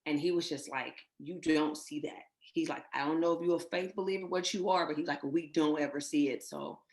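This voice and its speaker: Low-pitched woman guest, heartfelt personal storytelling, emotional and faith-driven. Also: fairly even intonation, brisk, a little mellow. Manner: emotional, faith-filled, retells others' words. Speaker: guest sharing her infertility story.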